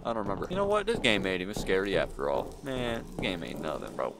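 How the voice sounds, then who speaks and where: A man's voice: low voice, wildly swooping pitch, fast, vocal fry. A young man, chatting nervously while he plays a horror game. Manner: chatty, nervous, talks to himself while playing. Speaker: gaming YouTuber. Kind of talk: casual horror game commentary. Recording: game music behind voice.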